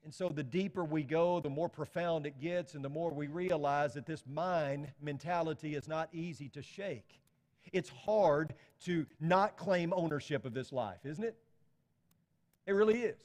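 A man's voice: a little high, measured pace, darkish tone. A middle-aged man preaching a sermon as pastor, talking to the congregation conversationally with rhetorical questions. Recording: long hall reverb.

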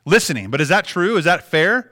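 Male pastor, slightly high, bright forceful tone, earnest conversational sermon delivery. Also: big pitch swings, fairly quick. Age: adult with young children. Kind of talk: sermon with scripture reading.

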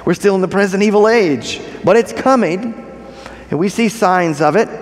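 A male pastor delivers a sermon in a fairly high voice, leaning hard on key phrases and repeating them. He checks in with the congregation through questions as he goes. The sound carries a long reverb from the sanctuary. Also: moderate pace.

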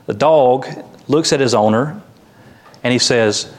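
A man pastor preaching a sermon in a conversational way, with light humor and lively quoted voices. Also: medium pitch, a little slow, long pauses.

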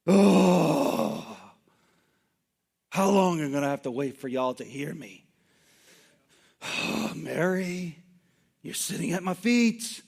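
A man's voice: on the high side, lively intonation, slow, gravelly, long pauses, a little mellow, husky, voice pushed down, exaggerated voice. A male preacher voicing Jesus as a grown man, exasperated and sighing in a pleading way. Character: exasperated adult male Jesus, sternly groaning.

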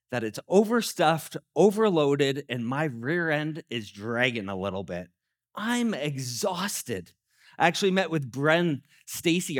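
A male pastor in his thirties delivers a sermon in a relaxed, storytelling way, poking fun at himself. His voice sits somewhat high for a man and moves through a wide, animated pitch range. The sound is dry and close, with little room around it. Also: no room sound. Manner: conversational, self-deprecating storytelling.

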